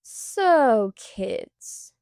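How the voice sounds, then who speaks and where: Storybook bully read by a woman: young drifter man, mocking drawl, coaxing and sly, high-ish. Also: very animated, drawn-out words, creaky, a little mellow, dry recording, clean studio sound, heavily acted. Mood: taunting. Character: smirking young male hobo braggart.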